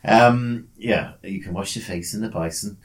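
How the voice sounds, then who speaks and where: A man's voice: on the low side, normal speed. Rambling, jokey man co-hosting a podcast. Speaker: podcast co-host. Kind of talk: casual banter over drinks.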